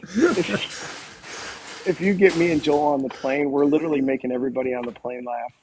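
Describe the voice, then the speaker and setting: A man in casual conversation, spinning a long story with plenty of "like" and restarts, his voice sitting at an ordinary middle pitch. A faint hiss of noise sits under the audio. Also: moderate pace, low-quality recording. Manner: animated storyteller, quotes others, frequent fillers and restarts. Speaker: podcast guest.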